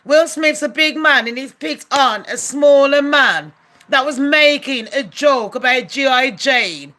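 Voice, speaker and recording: Speaking a little slowly, this adult commentary vlogger has a high-pitched voice that sounds pushed and bright. Her to-camera rant is blunt and heated, laced with profanity and rhetorical questions.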